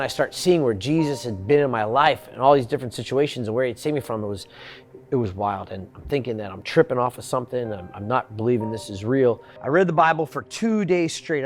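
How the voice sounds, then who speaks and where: A man in his forties tells his own hard story in an earnest, halting way, restarting his sentences as he goes. He slips into the voices of people he quotes, and soft music plays underneath. His pitch sits in an ordinary middle range. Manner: acts out what others said. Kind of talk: personal testimony.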